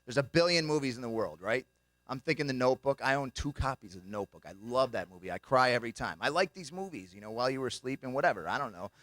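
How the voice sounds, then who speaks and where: Man, young adult, bright forceful voice, dry close sound, comic storytelling at a banquet. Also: mid-range voice, animated, racing, few pauses, no room sound. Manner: jokey storytelling, acts out quoted voices. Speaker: banquet speaker. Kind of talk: stand-up comedy routine. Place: banquet hall.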